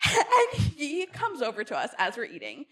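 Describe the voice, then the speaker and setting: Lively high-voiced woman telling a story. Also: moderate pace. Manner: animated storyteller who acts out quoted people, laughing often. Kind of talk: animated storytelling, casual chat.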